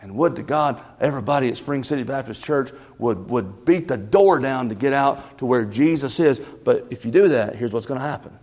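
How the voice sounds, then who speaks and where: A man preaching a sermon in a church, lively, often repeating and stumbling over his first words. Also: medium pitch, moderate pace, hardly any pauses. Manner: animated, repeats words, stammers at starts. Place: church sanctuary. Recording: reverberant church hall.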